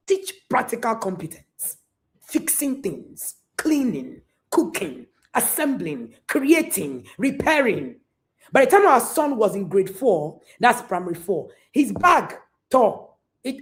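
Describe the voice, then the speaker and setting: A middle-aged woman giving an emphatic, preachy talk to parents, repeating key lines and at times shouting. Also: on the high side. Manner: sometimes shouts at the audience. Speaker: conference speaker to parents. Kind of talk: motivational talk.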